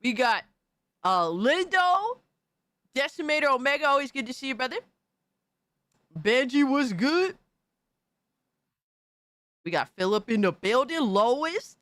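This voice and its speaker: A woman hosting a live stream, hyped and profane, rattling off shout-outs to chat in casual banter. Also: high-pitched, sing-song, measured pace, pauses often, dry recording, clean studio sound.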